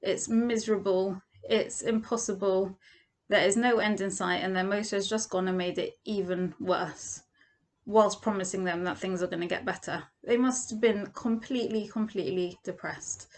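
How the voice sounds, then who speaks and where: A woman's voice: medium pitch, steady tone, normal speed. A woman teaching a Torah lesson as a vivid second-person story, acting out the quoted lines.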